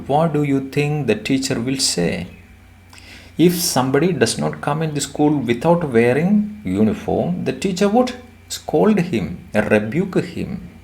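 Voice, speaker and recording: A man's voice: mid-range voice, creaky, a little mellow. A man teaching a lesson, explaining a poem and stressing and repeating key words for his students. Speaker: English teacher.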